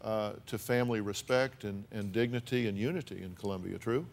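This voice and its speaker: A man's voice: on the low side, fairly quick, vocal fry. A man hosting an advice talk show, earnest and prone to repeating words as he starts a thought.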